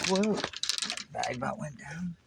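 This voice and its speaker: This man, speaking with a Western Pennsylvania accent, hosts a casual golf live stream outdoors, chatting with viewers, reading chat aloud and cursing casually as he walks the course. His voice is a little high, gravelly and expressive, unhurried, and the audio is very noisy.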